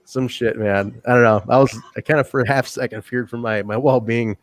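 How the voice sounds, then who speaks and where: A man's voice: medium pitch, steady tone, a little fast, no echo. A man co-hosting a casual podcast chat, telling profane backstage stories and acting out quotes in funny voices. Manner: profane storyteller, acts out quotes. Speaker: podcast co-host.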